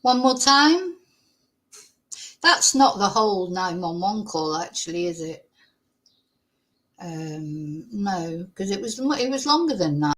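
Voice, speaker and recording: A woman's voice: fairly low pitch, big pitch swings, takes it slowly, long pauses, a bit bright. A woman hosting a casual livestream. She rambles chattily and thanks viewers as she goes. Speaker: livestream host.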